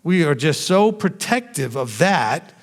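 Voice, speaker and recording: Gravelly, animated man teaching. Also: a little high, unhurried, long reverb tail. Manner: animated, acts out quoted dialogue. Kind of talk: Q&A teaching session.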